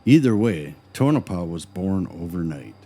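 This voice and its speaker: A man's voice: deep voice, very animated, normal speed. A man co-hosting a podcast, cracking goofy jokes and wisecracks during the story. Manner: goofy, wisecracking, with loud joke yells. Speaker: podcast co-host. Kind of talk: scripted podcast banter.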